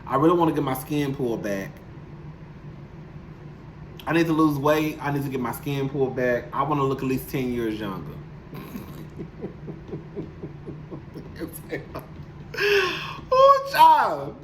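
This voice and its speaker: A man's voice: medium pitch, sing-song, moderate pace, fairly bright tone, a little hiss or hum. A man chatting candidly and emotionally to his viewers in a casual, profane vlog, speaking from his apartment. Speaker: YouTube commentator. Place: home apartment. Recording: roomy echo.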